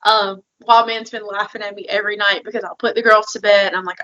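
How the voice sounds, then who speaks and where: A woman's voice: mid-range voice, fairly even intonation, a little fast, fairly bright tone, dull audio. A woman co-hosting a podcast, talking candidly and chattily. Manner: candid and chatty, with small laughs. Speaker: podcast co-host. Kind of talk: casual chat.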